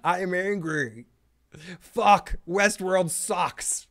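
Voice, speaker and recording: A man doing a loud, furious ranting streamer. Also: high voice, animated, extremely slow, voice pushed up, exaggerated voice. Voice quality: loud, swearing, mock-furious. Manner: ranting, exaggerated outrage. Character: angry, foul-mouthed male streamer friend ranting.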